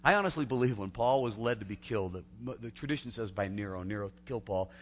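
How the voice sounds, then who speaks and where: A pastor giving a conversational sermon that swings between loud, emphatic build-ups and hushed, quiet lines. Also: male voice, lowish voice, fast talker, a little hiss or hum.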